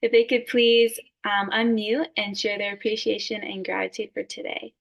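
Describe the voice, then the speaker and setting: A woman's voice: medium pitch, little pitch movement, normal speed, vocal fry, dull audio. A woman moderating an online prayer meeting, thanking speakers and introducing the next part in a gracious way. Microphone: video call.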